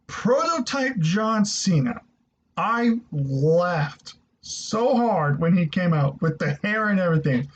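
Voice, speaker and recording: Male reviewer, high voice, excitable rambling delivery, muffled lo-fi sound. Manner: excitable, rambling, swears freely. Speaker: wrestling show reviewer. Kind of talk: casual spoken review. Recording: dull lo-fi recording.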